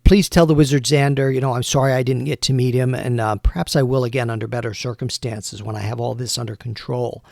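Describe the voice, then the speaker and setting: A man doing a worried, halting cursed man. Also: mid-range voice, fairly even intonation, creaky, darkish tone, no echo, clean studio sound, close to an everyday voice. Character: adult male cursed man, anxious and grateful.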